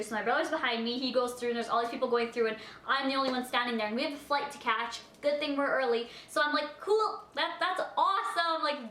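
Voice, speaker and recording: Woman vlogger, high voice, chatty and animated storyteller, echoey room sound. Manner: chatty, rambling, full of "like" fillers; animated, acts out her own reactions. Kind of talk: storytime vlog.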